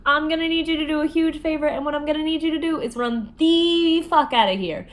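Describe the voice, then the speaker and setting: A woman voicing a cocky, dramatic young immortal man in a high, sing-song, theatrical tone. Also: very animated, moderate pace, a bit bright. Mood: urgent.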